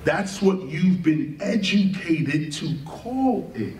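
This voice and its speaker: In an echoey room, far from the mic and with faint ambient noise, a man gives a rhetorical lecture. His voice sits on the high side, expressive and a little mellow, and he takes it slowly, firing questions at the listener and spelling words out letter by letter.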